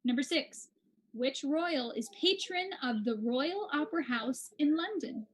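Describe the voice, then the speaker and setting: A woman's voice: high-pitched, animated, unhurried, slight background noise, poor audio. Upbeat American woman hosting a quiz. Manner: upbeat, enthusiastic. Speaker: quiz co-host. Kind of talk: casual online quiz hosting.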